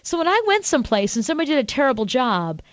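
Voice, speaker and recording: A woman co-hosting a radio talk show, telling stories in a chatty, animated way. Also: high-pitched, racing, no echo, highs cut off. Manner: chatty storyteller, animated, laughs often. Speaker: radio show co-host and author. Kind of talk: casual radio banter.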